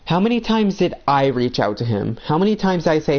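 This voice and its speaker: A man's voice: on the high side, big pitch swings, brisk, lo-fi sound. A young man ranting bluntly about friends while playing a video game, swearing a lot in a heated, agitated way.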